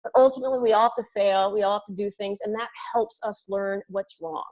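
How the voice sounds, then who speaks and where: A woman's voice: mid-range voice, fast talker, darkish tone, dull audio. A woman guest in a casual conversation who speaks in an earnest, encouraging way, with frequent "you know". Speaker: guest coach.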